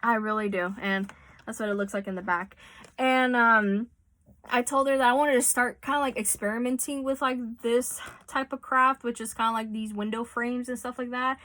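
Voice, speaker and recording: A woman's voice: a little high, fairly even intonation, moderate pace, bright, forceful tone, no echo. A woman chatting casually in a home vlog as she shows off gifts, with many fillers and restarts. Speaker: vlogger showing gifts. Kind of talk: casual show-and-tell. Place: home room. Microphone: phone.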